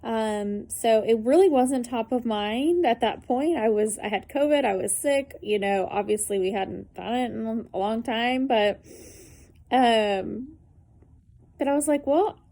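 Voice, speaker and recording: Woman, 30s, warm mellow voice, earnest chatty vlogger testimony. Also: on the high side. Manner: conversational, many fillers, earnest. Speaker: vlogger sharing a personal story. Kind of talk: casual spoken testimony to camera.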